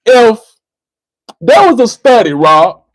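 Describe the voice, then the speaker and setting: Speaking slowly but with great animation, this man's voice is extremely high as he hosts an argumentative call-in stream and lectures the person on the line. He repeats the caller's name again and again and keeps starting over. There's no echo, though the recording is low quality.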